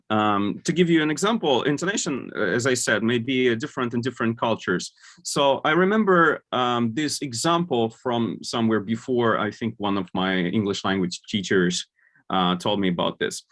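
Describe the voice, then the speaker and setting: A man's voice: mid-range voice, fairly bright tone. A man giving an online conference talk, explaining points with many fillers and restarts. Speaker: conference speaker.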